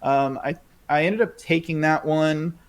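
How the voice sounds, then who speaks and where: A man's voice: on the high side, steady tone, a little slow. A man co-hosting a podcast, telling stories in casual chat with laughs and many fillers. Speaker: podcast co-host.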